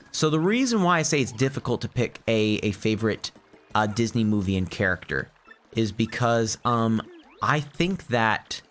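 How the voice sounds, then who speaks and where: A man's voice: fairly low pitch, fairly bright tone. Rambling young man commenting on gameplay. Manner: rambling, hesitant, full of restarts. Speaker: let's play host.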